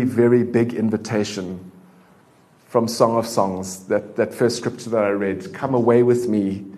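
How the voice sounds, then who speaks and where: A man's voice: mid-range voice, a little mellow. Man preaching in a casual, chatty way. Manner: casual, conversational preaching with many fillers. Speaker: pastor. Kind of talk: sermon. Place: church.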